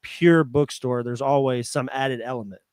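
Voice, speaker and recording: A man's voice: medium pitch, steady tone, normal speed, a little mellow, smooth, no room sound, clean studio sound. A man co-hosting a podcast in casual chat, rambling with lots of "like" and "kinda.". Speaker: podcast co-host.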